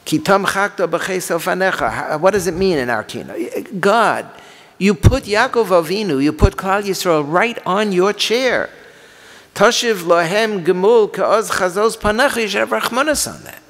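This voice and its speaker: A rabbi giving a lecture, his fairly high voice rising into pleading cries and falling back into calm explanation. He reads Hebrew passages and unpacks them. The sound carries a long reverb, as in a large hall. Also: normal speed. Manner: impassioned, swings from quiet explaining to pleading cries. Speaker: rabbi teaching a class. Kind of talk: Torah lecture on liturgical laments.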